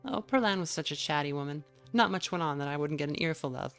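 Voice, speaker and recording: A gracious older lady speaks in low, unhurried tones, as a woman puts her on. Her phrasing is courteous and old-fashioned, with a secretive edge. Soft music plays faintly underneath. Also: expressive. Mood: genteel. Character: gentle older Southern woman, genteel and secretive.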